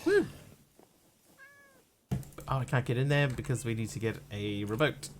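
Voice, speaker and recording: A man's voice: mid-range voice, normal speed, a little hiss or hum. A man live-streaming a video game, chatting in a scattered way, yelping and thanking viewers as he plays.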